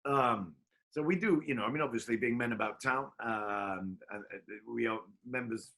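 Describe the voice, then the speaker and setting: A man's voice: mid-range voice, normal speed, a bit bright. A man hosting a casual interview over a video call, playfully prompting his guest for stories and impressions. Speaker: host.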